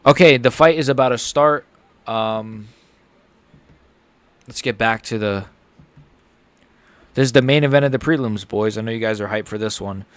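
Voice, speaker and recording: A man streaming a live fight reaction, excitable and joking, often blurting out swear words. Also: mid-range voice, moderate pace, pauses often, dry recording.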